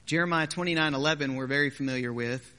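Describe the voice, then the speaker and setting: A man's voice: mid-range voice, quick pace, bright, forceful tone. A man preaching a sermon as pastor, in a conversational way with joking asides. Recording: long hall reverb.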